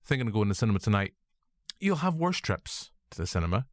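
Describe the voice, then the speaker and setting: A man's voice: lowish voice, fast talker, no echo, clean studio sound. A man with a Northern Irish accent hosting a casual film review chat, jokey and full of swearing. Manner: animated, swearing, jokey asides. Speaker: podcast host.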